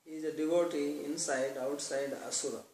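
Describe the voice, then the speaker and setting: A man's voice: fairly high pitch, steady tone, a little mellow, slight background noise. Man giving a scripture talk in a roomy hall. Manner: explains with everyday examples, chants verses slowly. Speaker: lecturer on scripture. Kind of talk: devotional scripture class. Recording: roomy, distant mic, faint ambience.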